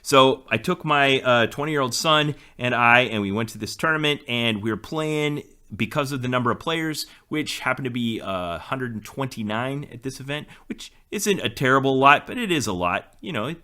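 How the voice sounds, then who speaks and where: A man's voice: mid-range voice, lively intonation, normal speed, hardly any pauses, pushed and bright. A man in his forties, co-hosting a podcast in casual chat and explaining things in a storytelling way. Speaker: podcast co-host.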